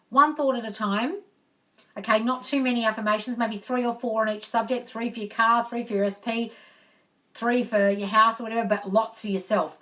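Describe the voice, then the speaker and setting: In a mid-range, fairly bright voice, a woman chats through a live phone stream at home, reading comments and answering viewers. She's blunt and talkative, swears freely and calls people darling, moving around into the kitchen as she goes.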